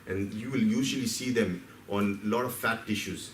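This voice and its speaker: This health speaker from India keeps his lecture light and story-driven, firing questions at the listeners in a fairly low voice at a moderate pace. Captured by a far-off mic in a spacious hall, the audio carries faint background sound and a little hiss or hum.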